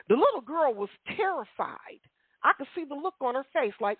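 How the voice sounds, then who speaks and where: A woman telling a long personal story on a call-in radio show, animated and rambling, with frequent rhetorical asides to the listener. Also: sits high, moderate pace, no echo. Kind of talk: casual storytelling. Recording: tinny dry phone line.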